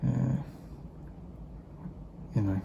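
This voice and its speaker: A middle-aged man talks in a slow, unhurried ramble as he paints models, trailing off into fillers and dry jokes. His voice is dark and mellow with a gravelly edge. A faint hum of room ambience sits behind him. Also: mid-range voice, fairly even intonation, muffled recording. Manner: rambling, many fillers, wry asides and swearing. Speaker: hobby vlogger painting miniatures. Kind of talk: casual rambling chat while painting.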